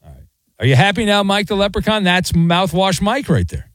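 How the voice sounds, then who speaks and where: A man hosting a sports radio call-in show, teasing callers in a playful, casual way with big swings in pitch. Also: sing-song, fairly quick, a bit bright, dry recording. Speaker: radio host.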